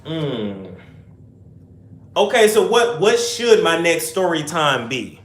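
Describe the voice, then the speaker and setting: A young man hosts a casual livestream chat in an echoey room, reading viewer comments out loud and answering with rambling asides. His voice is a little high and a bit bright, very animated yet slow-paced.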